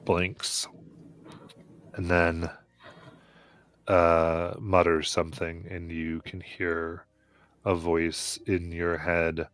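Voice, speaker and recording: A man narrating a tabletop game as game master, halting often with ums and uhs on a live stream. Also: low voice, monotone, fairly bright tone, dry recording.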